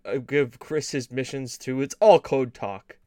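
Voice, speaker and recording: A man's voice: medium pitch, unhurried, no echo, clean studio sound. Casual male gaming-show co-host. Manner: rambling, restarts, deadpan mock-spy bits. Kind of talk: casual joking chat.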